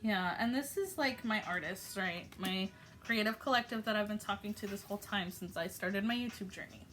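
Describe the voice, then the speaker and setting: A woman's voice: medium pitch, normal speed, a bit bright, a little hiss or hum. A woman giving a casual spiritual message to her viewers, affectionate and encouraging, with loose fillers. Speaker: spiritual YouTube channeler.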